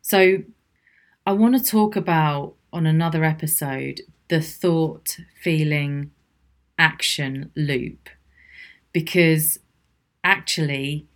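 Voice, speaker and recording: Low-voiced woman musing candidly. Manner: frank, reflective, chatty with small laughs. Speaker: podcast host. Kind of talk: candid solo podcast monologue.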